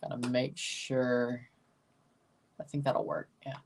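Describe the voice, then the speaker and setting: A man hosting a casual livestream, rambling, chatting with viewers and turning loud and emphatic when he passes judgment. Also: medium pitch, completely flat delivery, slow pace, recorded from a distance, a little hiss or hum. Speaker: livestream host ranking soccer kits.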